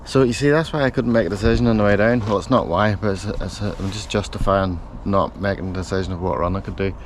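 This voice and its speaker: Outdoors in a park, a man records a casual self-filmed vlog on a handheld camera mic before a run, his fairly low voice moving at a quick pace. He rambles and corrects himself as he thinks aloud, out of breath while running, with slight background noise in the clip.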